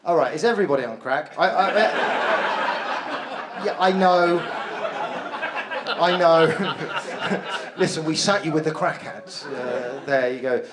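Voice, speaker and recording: A man from Dorset with a high-pitched voice works a comedy club crowd, teasing and quick with comebacks. His voice rings out over a lively, laughing audience. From Dorset, England. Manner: teasing, quick-witted banter with hecklers. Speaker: stand-up comedian. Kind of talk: stand-up crowd work.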